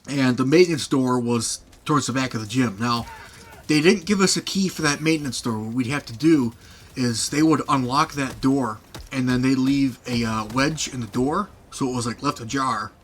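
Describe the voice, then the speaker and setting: A man's voice: medium pitch, normal speed, slight background noise. A young man casually telling funny stories from his past, rambling with fillers and laughing often. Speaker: podcast host. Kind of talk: casual storytelling chat.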